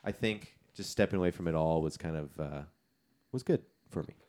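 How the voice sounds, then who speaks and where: A man's voice: sits low, a little fast, a little mellow. A young man co-hosting a podcast in easygoing casual chat, leading a card game and talking reflectively. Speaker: podcast co-host.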